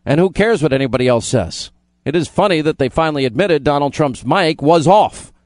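A middle-aged man fronts a call-in talk radio show, firing off combative, emphatic remarks at speed. His voice sits a bit high for a man. The studio mic sounds close and dry. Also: lively intonation, darkish tone, no room sound. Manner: combative, rapid-fire, emphatic. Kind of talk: talk radio hosting, taking calls. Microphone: studio microphone.

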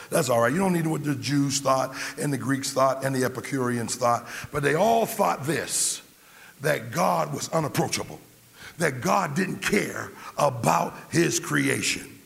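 A pastor preaching in a church with plenty of gravel in his voice and a pitch that swoops all over. He shouts at his peaks and drops into joking asides, all ringing out in a long hall reverb. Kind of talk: sermon.

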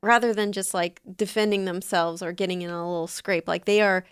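Smooth-voiced playful woman podcast host. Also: mid-range voice, fairly even intonation, a little fast, dry recording, clean studio sound. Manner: playful, chatty, with frequent laughs and fillers. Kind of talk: casual chat.

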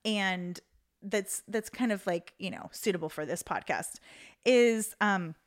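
A woman's voice: medium pitch, unhurried. A woman co-hosting a podcast, telling a story in casual, rambling chat full of fillers and laughter. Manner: chatty, filler-heavy, laughs through her story. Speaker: podcast co-host.

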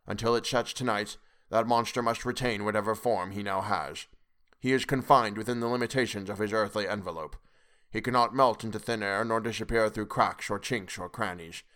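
Lightly acted, a man voices an elderly professor in an audiobook, patient and wise, setting out his plan with measured, lecturing deliberation. He speaks low and unhurried, weighing each word in a slightly bright tone.

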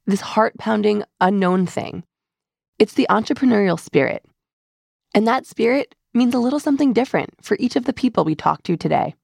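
A woman narrates a business podcast in a measured, scripted way. Her voice carries a heavy creak and sounds dry and close to the mic. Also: mid-range voice, expressive, a little mellow, no echo. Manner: measured, polished delivery.

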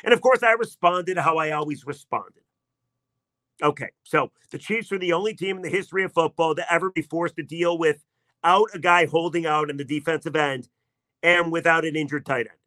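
A man's voice: a little high, normal speed, sharp tone, no echo. A man hosting a sports talk radio show, telling a story in a chatty, sarcastic way.

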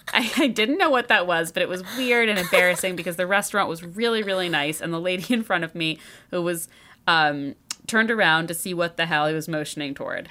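A woman's voice: lowish voice, bright, forceful tone. A woman from Chicago, a podcast host telling a dating story in chatty casual talk full of "like" fillers. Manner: chatty, lots of "like" fillers and laughter.

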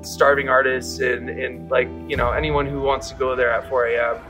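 A man's voice: medium pitch, little pitch movement, normal speed, over music. Rambling, cursing male storyteller. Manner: rambling, swearing, quoting others with "I was like". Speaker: interviewee. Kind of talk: casual storytelling.

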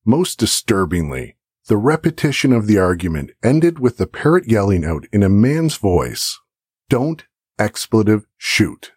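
A man giving scripted true-crime narration in a measured way. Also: lowish voice, sing-song, a little mellow, husky, no echo, studio quality.

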